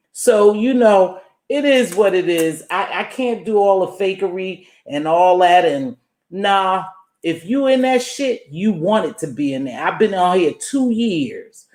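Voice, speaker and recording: A woman's voice: lowish voice, expressive, a little slow, darkish tone, reverberant. A woman hosting a casual livestream, giving emphatic, preachy motivational talk and breaking off to greet chat viewers. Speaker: livestream host.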